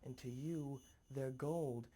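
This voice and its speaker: A man's voice: medium pitch, fairly even intonation, slow, dark tone, slight background noise, natural voice. A man playing a bullying sales boss. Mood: contemptuous. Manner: contemptuous, bullying. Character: ruthless, boastful male sales boss. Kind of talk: film acting.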